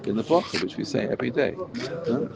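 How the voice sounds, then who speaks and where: A man's voice: mid-range voice, fairly quick, vocal fry, over a noisy crowd, poor audio. A man teaching a Torah class, translating prayer verses line by line with emphasis.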